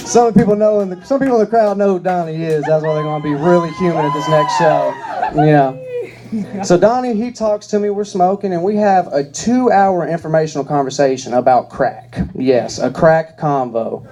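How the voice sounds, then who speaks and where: A man's voice: fairly high pitch, moderate pace, noisy background. A young man performing a stand-up comedy set on a club stage, drawling through stories and acting out the voices in them. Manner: drawling storyteller, acts out quoted voices.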